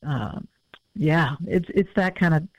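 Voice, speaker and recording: A man in his fifties, a musician talking as a guest in a casual interview, reflective and halting with many fillers. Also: on the high side, dry recording. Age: 50s. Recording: dull lo-fi audio.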